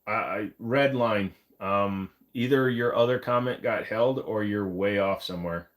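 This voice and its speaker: A man with a lowish, unhurried voice hosts a livestream, reading and answering chat comments. His casual delivery is loose, rambling and joking, with lots of fillers.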